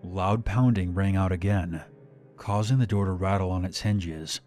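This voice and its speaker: A man narrating a scripted horror story in a steady, measured way. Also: sits low, faint music behind.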